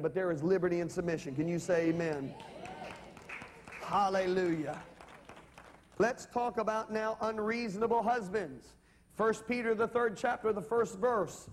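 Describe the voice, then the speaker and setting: A man preaching a sermon, emphatic and calling on the congregation for amens. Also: high voice. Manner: emphatic, calls for amens and audience responses. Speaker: pastor. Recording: long reverb of a large hall.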